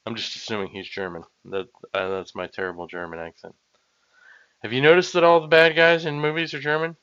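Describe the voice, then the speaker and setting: A man streaming a game, dropping quiet, joking asides between the lines he reads. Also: mid-range voice, level tone, fairly quick, clean tone, no echo, lo-fi sound. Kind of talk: casual aside while playing.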